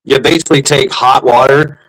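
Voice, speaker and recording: A man's voice: mid-range voice, fairly even intonation, fairly quick, a bit bright, a little hiss or hum, poor audio. Rambling, jokey man on a live stream. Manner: rambling, jokey, crude humor. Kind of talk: casual chat.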